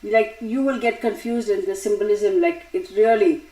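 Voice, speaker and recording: A woman's voice: mid-range voice, fairly even intonation, normal speed, dark tone, low-quality recording. Chatty woman tarot reader on live stream. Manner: chatty, digressive, laughs often, talks to viewers directly. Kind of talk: casual live-stream chat.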